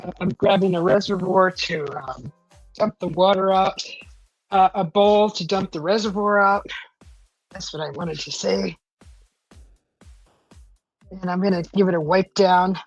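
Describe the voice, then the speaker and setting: Speaking at a measured pace with frequent pauses, a woman hosts a casual livestream from home in a mid-range, slightly rough voice and fairly even intonation. She chats with viewers, reads their comments, and rambles with many "uh" fillers, all in dull lo-fi stream audio with faint music.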